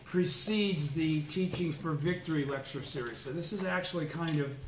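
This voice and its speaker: A tired, out-of-breath man leading a study group, reading scripture slowly and adding short explanations as he goes. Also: a little high. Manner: reads slowly, adds short explanatory asides. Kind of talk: reading and lecturing on Buddhist scripture. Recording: echoey room with faint background noise.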